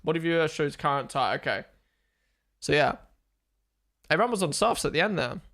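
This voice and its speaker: A young man hosting a live race watchalong stream, chatting casually, excitable and swearing as he thinks aloud. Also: a little high, moderate pace.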